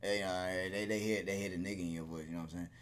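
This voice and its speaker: A man's voice: sits low, steady tone, very fast. A man in casual podcast chat who laughs often and acts out quoted dialogue, with hesitant restarts.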